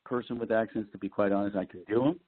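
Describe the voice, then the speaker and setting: A middle-aged man from Brooklyn, an actor telling lively stories as an interview guest. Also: quick pace, slightly rough. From Brooklyn, New York. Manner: animated storyteller, lively pitch jumps. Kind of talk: casual interview. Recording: dry, tinny phone-like line.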